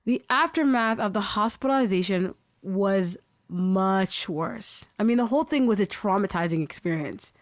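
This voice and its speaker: A woman's voice: medium pitch, animated, normal speed, no echo, studio quality. A woman hosting a podcast, telling a true story in an earnest, conversational way and often asking "right?". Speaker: podcast host and narrator.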